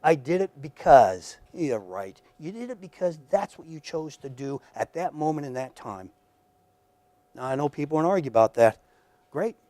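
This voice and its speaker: A man's voice: a little high, lively intonation, moderate pace, dark tone. A man lecturing at a workshop in a conversational, emphatic way, often repeating words and speaking straight to his audience. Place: lecture room.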